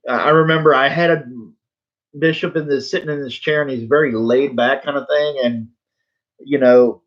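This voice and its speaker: A comic book artist in his forties, heard with medium pitch on lo-fi audio, tells viewers a rambling story. He is laid-back and tongue-in-cheek, using lots of fillers and laughing at himself.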